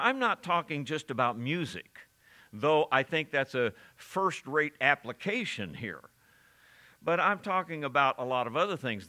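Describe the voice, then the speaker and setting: A man's voice: medium pitch, sharp tone. A middle-aged man preaching a sermon earnestly, building to emphatic peaks and sometimes correcting himself mid-phrase.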